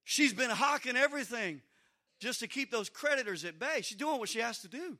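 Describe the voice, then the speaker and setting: A man preaching with a strikingly high, sharp voice. He drives his points home with emphasis, swinging from near-shouted peaks to hushed asides. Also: lively intonation, a little fast. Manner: emphatic, builds to shouted climaxes then drops to quiet asides. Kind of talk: sermon.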